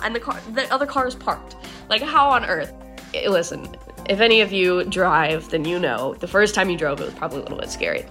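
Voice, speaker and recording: A woman's voice: mid-range voice, a bit bright. A young woman hosting a casual daily devotional podcast, chatty and upbeat, often saying "like.". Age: young adult. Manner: chatty, upbeat, uses "like" a lot.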